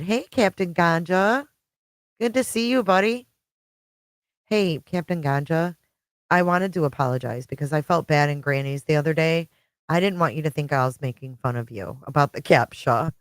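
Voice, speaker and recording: Middle-aged woman, deep voice, friendly rambling livestream host, dry close sound. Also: no room sound. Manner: chatty, greets viewers by name. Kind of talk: casual live-chat stream.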